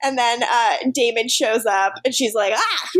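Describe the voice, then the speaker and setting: A woman co-hosting a podcast, animatedly recapping episodes in casual chat and laughing often. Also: on the high side. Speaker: podcast co-host.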